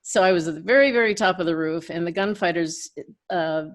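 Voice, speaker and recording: A woman's voice: lowish voice, a little fast. An older woman, a guest in an interview, telling chatty stories with frequent laughs. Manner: chatty, laughs between anecdotes. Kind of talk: casual interview storytelling.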